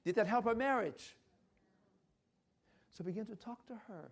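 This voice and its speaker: A man's voice: sits high, normal speed, gravelly, pauses often. An older man giving a church health lecture, emphatic and repetitive, with frequent hesitant restarts. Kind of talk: health talk at a church conference.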